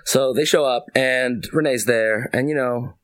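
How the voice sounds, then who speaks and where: A man's voice: medium pitch, a little slow, fairly bright tone. A man loosely recapping a story for his co-hosts, rambling with many fillers. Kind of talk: comedic plot recap.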